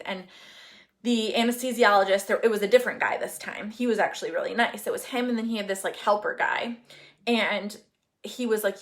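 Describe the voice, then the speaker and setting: A young woman, a vlogger, tells a personal story in a candid, chatty, rambling way, with plenty of "like" and "you know". Her voice sits at an ordinary middle pitch for a woman. She is open and unguarded, and emotion sometimes breaks through as laughter or tears. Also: brisk. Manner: gets emotional, laughing and crying. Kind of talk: casual chat.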